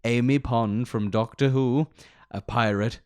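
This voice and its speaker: A man's voice: medium pitch, fairly even intonation, unhurried, darkish tone, clear, resonant tone, dry recording. A male podcast host reading a story aloud in a rambling, giggly way, often breaking into laughter. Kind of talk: casual comedic chat and story reading.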